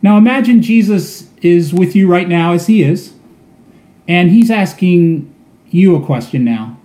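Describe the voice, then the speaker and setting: A man's voice: sits high, expressive, unhurried, dark tone. A man preaching a sermon, telling a story earnestly and often repeating words as he goes. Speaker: pastor. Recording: echoey room.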